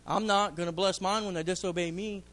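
A man delivers a fervent sermon in a church. His voice sits high for a man. He hammers key lines by saying them twice. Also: steady tone, brisk, a bit bright. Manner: fervent, repeats phrases for emphasis. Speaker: preacher.

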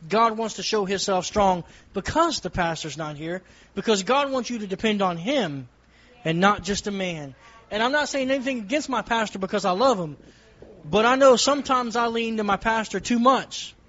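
A man's voice: high voice, expressive, moderate pace, fairly bright tone, muffled recording. A man giving an earnest testimony from the pulpit with a repetitive preaching cadence. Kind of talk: sermon testimony.

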